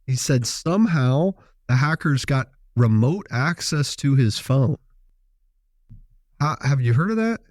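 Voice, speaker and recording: A man's voice: medium pitch, expressive, unhurried, a little mellow, no room sound, clean studio sound. Storytelling man co-hosting a podcast. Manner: storytelling, acts out dialogue. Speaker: podcast co-host. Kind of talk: casual podcast chat.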